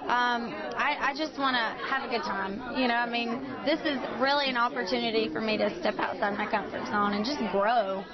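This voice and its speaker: Southern woman, bubbly and folksy, high bright voice, loud crowd behind. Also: a little fast, few pauses, lo-fi sound. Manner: playful, folksy, jokey. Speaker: celebrity contestant. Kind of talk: casual red-carpet interview.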